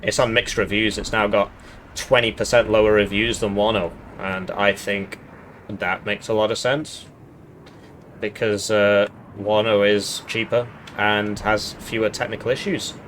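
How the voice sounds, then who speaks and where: A man's voice: on the low side, little pitch movement, a little slow, a bit bright, a little hiss or hum. A man casually commenting on a strategy game match, thinking aloud and drifting into side tangents.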